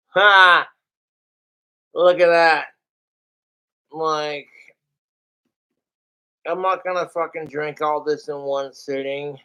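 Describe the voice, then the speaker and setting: A man's voice: a little high, fairly even intonation, takes it slowly, pauses often, sharp tone, clear, resonant tone. A young man livestreaming from home, rambling and swearing in a frustrated, casual monologue. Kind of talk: casual live-stream monologue.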